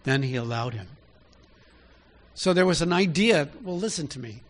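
A man's voice: fairly high pitch, lively intonation, normal speed. A man preaching a sermon in an easy, conversational way, often asking his listeners direct questions.

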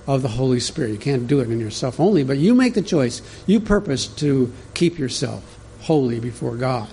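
A man's voice: mid-range voice, sing-song, normal speed, warm tone, a little hiss or hum. A man preaching a sermon as pastor, in a conversational teaching manner that speaks directly to the congregation.

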